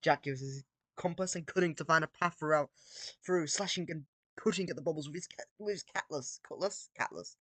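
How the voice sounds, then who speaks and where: A man's voice: fairly high pitch, fairly quick, fairly bright tone, no echo. Man reading aloud, stumbling over words. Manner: stumbling over words, self-mocking asides. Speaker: reader of an AI-written battle story. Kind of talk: casual read-aloud commentary.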